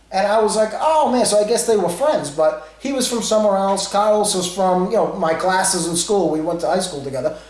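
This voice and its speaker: Guy from rhode island w a new england accent, kinda high voice, rambling story, echoey room. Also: darkish tone. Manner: rambling, many asides. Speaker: vlogger. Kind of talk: casual storytelling.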